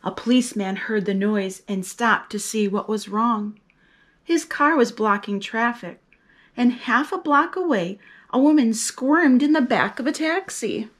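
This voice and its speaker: Lively woman reading a children's story. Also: a little high, measured pace. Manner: lively and expressive, teaching a hand sign and acting out the story's characters. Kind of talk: reading a picture book aloud to children.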